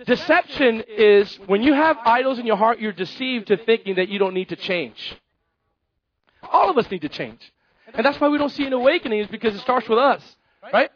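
A male pastor preaching a sermon, animated, repeating phrases and acting out Bible characters. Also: very high voice, brisk, dull audio.

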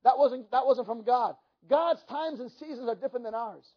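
A man telling stories in a sermon as a pastor, animated and acting out the dialogue himself. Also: extremely high pitch, moderate pace, breathy edge. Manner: animated, acts out quoted dialogue. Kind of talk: storytelling sermon. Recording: dull lo-fi recording.

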